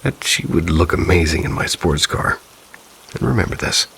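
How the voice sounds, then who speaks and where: A man reading submitted ghost stories aloud in calm, measured scripted narration. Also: sits low, vocal fry, a little hiss or hum, poor audio.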